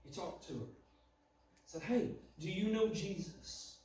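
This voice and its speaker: A man preaching a sermon, telling a story dramatically, swinging between loud and hushed. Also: sits high, measured pace. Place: church sanctuary. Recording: echoey church from far off, faint noise.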